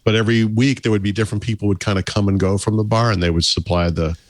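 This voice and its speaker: A low-pitched man from New England rambles through a casual podcast news rundown, correcting himself as he goes and laughing along the way. The sound is close and dry, with no room around it. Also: fairly even intonation, fast talker, dry recording. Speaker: podcast co-host.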